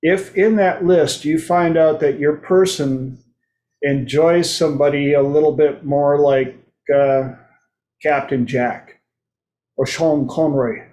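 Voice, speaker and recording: A man's voice: on the high side, fairly even intonation, takes it slowly, warm tone. A man hosting his own talk show, speaking in a loose, playful monologue and acting out quoted voices now and then. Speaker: host. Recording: roomy echo.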